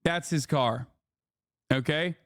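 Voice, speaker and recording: A man's voice: on the high side, slow, a bit bright, dry recording, clean studio sound. A man giving casual commentary over a video, emphatic and profane, punctuating his points with questions to the listener. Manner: profane, emphatic, keeps saying "okay?".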